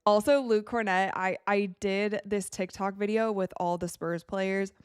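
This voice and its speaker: A young woman from Wisconsin hosting a live game watch party, chatting casually and reacting excitedly to plays as she talks. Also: medium pitch, measured pace, clean tone, no echo, clean studio sound. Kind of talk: live casual commentary to chat.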